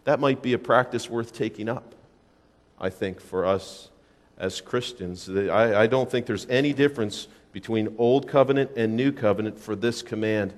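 A man preaching a sermon, mixing quick asides with slow, heavily stressed phrases. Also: fairly low pitch, in a large hall. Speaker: pastor.

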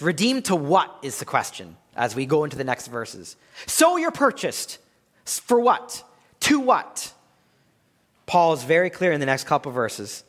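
A male pastor with a high-pitched voice delivers an earnest sermon full of rhetorical questions, often restarting his sentences. His voice rings out with a long reverb from a church hall. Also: a bit bright.

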